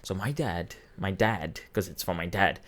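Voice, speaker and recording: A man in his twenties, a vlogger, tells a personal story casually, rambling and emotional, restarting often and choked up almost to tears. His voice sits low with a fairly bright tone, and he speaks a little slowly.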